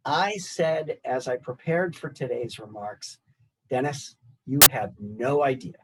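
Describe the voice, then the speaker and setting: A man in his sixties who graduated from the college, giving a prepared, reflective speech to new graduates and pacing his phrases in measured lists. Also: mid-range voice, rough recording. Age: 60s. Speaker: alumni association speaker.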